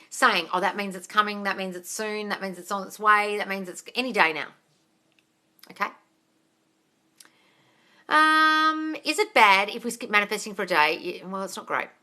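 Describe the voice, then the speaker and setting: This is an Australian woman with a bright, forward voice, answering viewer questions on a casual live stream. She is frank and unfiltered, swears now and then, and calls her audience darling. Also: mid-range voice, normal speed. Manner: reads out viewer comments in a lively voice.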